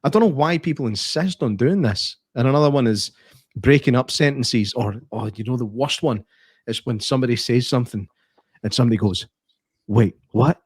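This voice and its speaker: A Scottish man chatting casually on a film podcast, animated and sweary as he tells stories. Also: medium pitch, a little fast, husky, no echo, studio quality. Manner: animated, swears and laughs while telling anecdotes. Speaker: podcast co-host. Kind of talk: casual film review chat.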